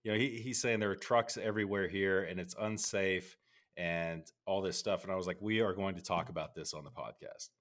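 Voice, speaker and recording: A middle-aged man co-hosting a podcast, ranting in an animated way and slipping into mock voices. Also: low voice, fairly quick. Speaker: podcast co-host. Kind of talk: casual podcast chat.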